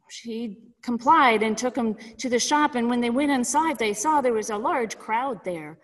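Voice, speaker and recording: A woman minister delivering a sermon with measured storytelling. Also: a little high, long reverb tail, rough recording.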